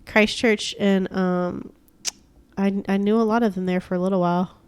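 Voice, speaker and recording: A woman's voice: mid-range voice, flat delivery, normal speed, clear, resonant tone, no room sound. A woman co-hosting a podcast in casual banter, chatty and laughing often, dropping into playful voices when she quotes people. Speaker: podcast co-host.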